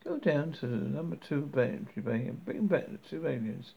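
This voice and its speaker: A man voicing a patient, level-headed young woman in a story reading, coaxing gently. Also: on the high side, expressive, moderate pace, vocal fry, breathy edge, exaggerated voice. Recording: dull lo-fi recording.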